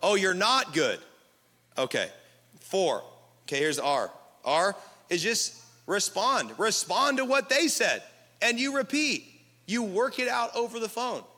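A male pastor preaching to a live crowd, energetic and casual, leading the room in call-and-response. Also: high-pitched, a little slow. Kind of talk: sermon. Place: large hall with live audience. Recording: echoey hall reverb.

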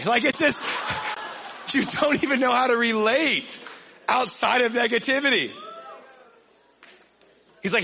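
Bright, high-voiced young pastor preaching. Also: male voice, moderate pace, creaky, long pauses. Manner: energetic, joking, acts out little scenes in funny voices. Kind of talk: sermon.

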